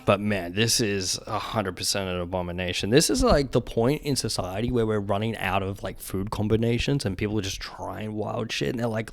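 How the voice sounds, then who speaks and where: A man's voice: fairly low pitch, animated, moderate pace, no room sound. A young man, ranting casually in a vlog, profane and joking, often laughing. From Australia. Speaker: vlogger. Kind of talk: casual chat.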